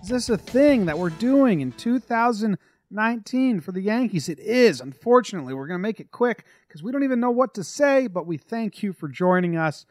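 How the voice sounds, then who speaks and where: A man's voice: high-pitched, a little fast, no room sound, faint music behind. A man co-hosting a casual sports podcast, joking around and sometimes dropping to a mumble. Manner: jokey, animated, drops to mumbles. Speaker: podcast co-host.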